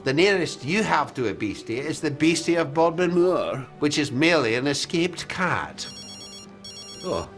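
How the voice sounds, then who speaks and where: A man's voice: fairly high pitch, very animated, moderate pace, hardly any pauses, a bit bright, faint music behind. Boastful Scottish man in a sketch. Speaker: sketch comedy performer. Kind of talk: sketch comedy acting.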